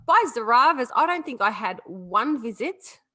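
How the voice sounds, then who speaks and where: Lively bright-voiced woman telling stories. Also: fairly high pitch, normal speed. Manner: animated, laughing storyteller, swears freely. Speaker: podcast co-host. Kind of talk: casual chat, storytelling.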